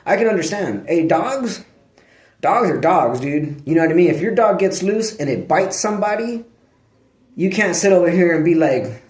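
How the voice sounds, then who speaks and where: A man talks straight to camera in a loose, digressive monologue, full of slang and swearing. His voice sits a little high for a man. The sound bounces around a bare, echoey room. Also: lively intonation, fairly quick, darkish tone. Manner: profane, slangy, digressive, breaks off to scold his dog. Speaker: vlogger. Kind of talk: rambling casual monologue.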